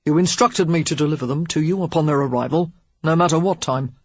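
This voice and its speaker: A dutiful household butler, put on by the narrator, calls out politely and formally, slightly raised in volume. His voice is husky and the sound is dull and lo-fi. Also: medium pitch, quick pace, no echo, lightly acted. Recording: dull lo-fi audiobook recording.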